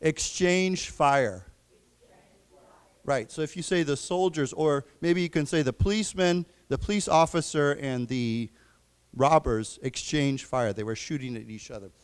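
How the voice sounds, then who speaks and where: A man teaching a live English class, slowly explaining vocabulary and quizzing his students. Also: on the high side, clean tone. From United States. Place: library lecture room.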